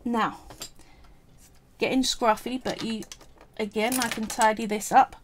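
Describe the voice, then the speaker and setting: A woman's voice: a little high, steady tone, slow pace, a little hiss or hum. A woman with a Cockney accent, talking chattily through a craft tutorial at home, thinking aloud as she works. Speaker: polymer clay crafter and streamer.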